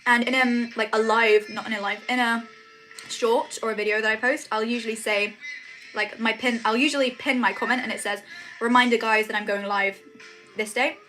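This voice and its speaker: Chatty young woman, fairly high. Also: steady tone, a little fast, pushed and bright, faint music behind. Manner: chatty, rambling, says "like" and "um" often. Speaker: streamer. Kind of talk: casual chat livestream. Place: room at home.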